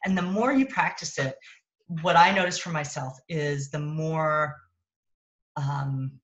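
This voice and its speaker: A woman with a low voice gives a casual parenting talk over a phone mic. She thinks out loud, stops to rephrase, and keeps a relaxed, conversational flow. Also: slow, rough recording. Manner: conversational, thinks aloud and corrects herself. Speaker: parenting coach. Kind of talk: casual teaching talk on a live stream.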